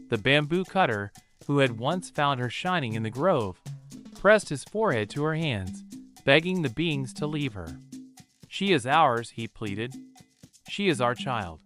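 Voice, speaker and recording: A man narrating a soothing bedtime story in a calm, gentle, measured way. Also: on the high side.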